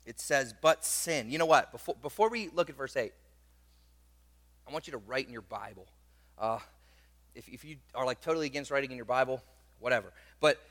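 Pastor, man, high bright voice; emphatic sermon delivery with quiet asides, repeats words on restarts. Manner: emphatic preaching, swinging from loud stresses to quiet asides. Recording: long hall reverb.

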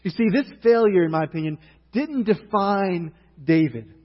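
Animated man preaching in a reverberant hall. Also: high voice, normal speed, highs cut off. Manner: storytelling, animated retelling with rising outrage. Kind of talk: sermon.

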